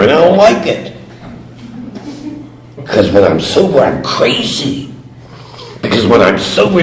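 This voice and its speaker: At a recovery meeting in a meeting hall, a middle-aged AA speaker gives a humorous talk, telling his story with put-on voices. His voice sits high, and the echoey hall recording carries a little hiss or hum.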